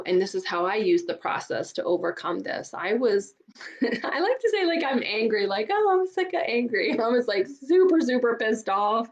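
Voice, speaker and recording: A woman's voice: mid-range voice, dull audio. A middle-aged woman coach giving an earnest, emphatic motivational talk, often repeating words for stress. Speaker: divorce coach.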